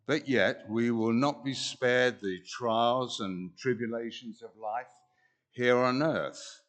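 A man preaching a sermon in an earnest, measured way, pausing deliberately between phrases. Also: mid-range voice, fairly bright tone.

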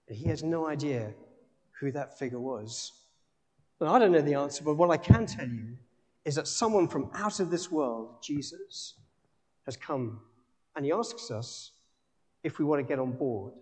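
A man preaching a sermon, emphatic, with dramatic pauses and rising exclamations. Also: a little high, expressive. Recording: long hall reverb.

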